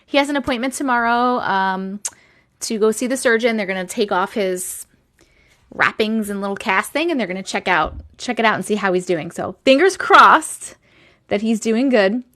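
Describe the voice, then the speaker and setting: A woman's voice: mid-range voice, moderate pace, bright, forceful tone. A woman from Long Island hosting a casual TikTok live chat, greeting viewers by name and catching up with them. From Long Island, New York. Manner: chatty, greets viewers by name with rising lilt.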